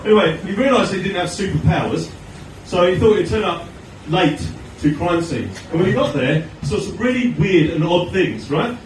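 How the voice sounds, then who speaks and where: A middle-aged Australian man doing a stand-up comedy set, telling chatty stories with deadpan punchlines. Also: high-pitched, normal speed, few pauses. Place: comedy venue stage with audience laughter. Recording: echoey room from far off, noisy.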